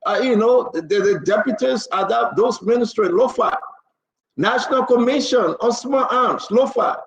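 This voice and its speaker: A man's voice: very high voice, normal speed, creaky, muffled recording. A man with a Liberian English accent giving heated, emphatic political commentary as a live-stream talk host, repeating his points and calling out panelists directly. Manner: emphatic and repetitive, hammering points home, speaks directly to panelists. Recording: roomy echo.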